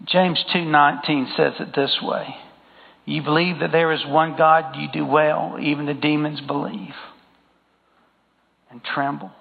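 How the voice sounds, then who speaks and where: A man's voice: on the high side, flat delivery, a little slow, creaky. A male pastor preaching a sermon and calling out to the congregation. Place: church sanctuary. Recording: tinny phone-like sound with long hall reverb.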